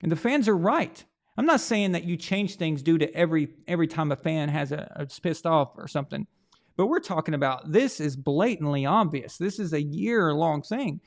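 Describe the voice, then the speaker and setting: On a sports reaction show, a male host with a voice on the high side speaks at a moderate pace. His opinionated commentary turns into a heated, blunt rant loaded with profanity and rhetorical questions.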